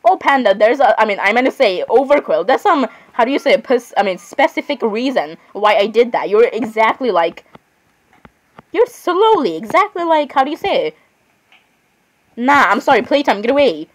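A woman's voice: fairly high pitch, sing-song, normal speed, poor audio. A woman giving casual let's-play commentary on a horror game. She is chatty, giggles often, apologizes a lot and talks to the game characters. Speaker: gamer playing a horror game.

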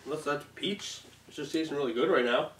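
A man's voice: on the high side, fairly quick, fairly bright tone. A laid-back, easily amused man co-hosting a casual chat while tasting candy. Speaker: co-host. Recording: echoey room from far off.

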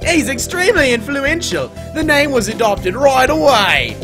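A man voicing a fussy pigeon with a put-on, shaky French accent, reading game dialogue in a theatrical, drawn-out way. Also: extremely high pitch, animated, over music, voice pushed up. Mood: coaxing.

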